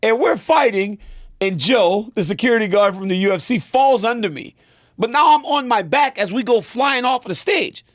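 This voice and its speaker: A man's voice: high-pitched, expressive, moderate pace, no echo, studio quality. A man guest on a podcast, telling a story in a colorful, profane way and laughing as he goes. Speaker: guest fighter. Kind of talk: animated storytelling.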